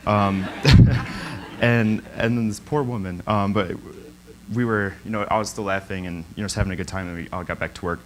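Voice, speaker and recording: A man's voice: lowish voice, steady tone, moderate pace, slight background noise, rough recording. A young man speaking as a guest at a church, telling a story in an informal sermon, with lots of ums and frequent laughs. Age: young adult. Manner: chatty, many ums, laughs often.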